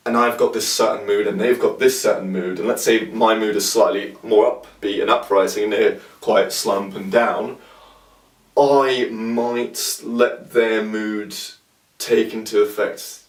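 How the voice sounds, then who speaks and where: A man's voice: fairly low pitch, fairly even intonation, unhurried. A young man casually reflecting to camera, rambling and searching for words. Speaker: vlogger. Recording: roomy sound from a distant mic.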